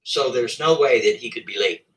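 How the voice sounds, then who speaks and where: A man telling a story casually and with animation, often checking in with the listener with a quick "right?". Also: medium pitch, rough recording.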